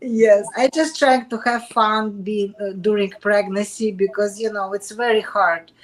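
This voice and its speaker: Russian-accented woman, halting English. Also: medium pitch, steady tone. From Kaliningrad, Russia. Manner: halting non-native English with restarts, laughs often. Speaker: interview guest. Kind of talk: casual chat.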